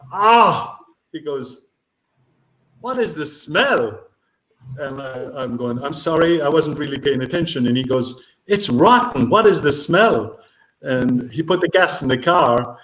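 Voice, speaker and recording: A man giving a conference talk as a marine biologist, speaking haltingly with many fillers and restarts. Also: mid-range voice. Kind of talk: conference talk answering questions. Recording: echoey room, faint noise.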